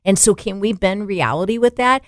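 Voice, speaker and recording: A woman's voice: low voice, lively intonation, moderate pace, no room sound, studio quality. A woman co-hosting a faith and fitness talk show, speaking earnestly and building to emphatic declarations. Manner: earnest, rising to emphatic exclaims. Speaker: co-host. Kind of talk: faith podcast conversation.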